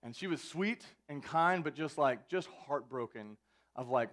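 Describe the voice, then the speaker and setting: A man's voice: mid-range voice, expressive, normal speed, fairly bright tone. A young man preaching a live sermon to students, in a conversational way with self-interruptions and joking asides. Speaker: student ministry pastor. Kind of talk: sermon to youth, anecdotal. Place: church venue, live service.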